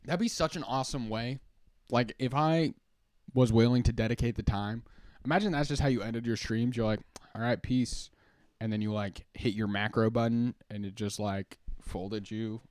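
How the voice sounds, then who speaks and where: A man's voice: mid-range voice, normal speed, darkish tone, no room sound, clean studio sound. A young man hosting a live stream, chatting casually in a rambling, joking way and often laughing. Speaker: streamer host.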